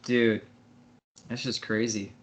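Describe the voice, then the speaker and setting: A man's voice: fairly low pitch, flat delivery, slow. A man, a podcast guest, talking in laid-back casual chat and laughing along.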